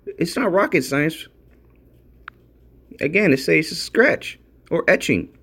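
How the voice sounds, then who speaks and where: A man's voice: fairly high pitch, takes it slowly, breathy edge. Rambling man reading scripture notes. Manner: repetitive, rambling, frequent "all right?" checks; grows emphatic and excited while reading out definitions. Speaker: religious video commentator. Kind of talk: casual Bible study commentary.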